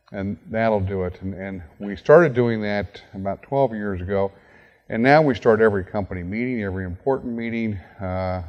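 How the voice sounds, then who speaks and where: Animated male storyteller in a reverberant hall. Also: on the low side. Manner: animated storyteller acting out quoted dialogue. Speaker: guest speaker. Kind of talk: storytelling talk to a university audience.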